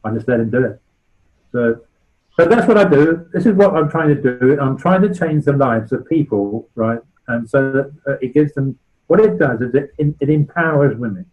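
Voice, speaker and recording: Over a phone-quality line comes a mid-range male voice: a West Country man in his sixties. He's a charity founder giving a club an informal talk, chatty and full of anecdotes, checking in with "right?" as he goes.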